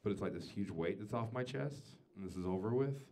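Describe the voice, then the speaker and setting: A man doing a stand-up comedy set, telling a story with lots of swearing and swinging from quiet asides to loud rants. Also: on the low side, expressive, a little fast, a little hiss or hum. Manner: swears freely. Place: comedy club stage before a live audience.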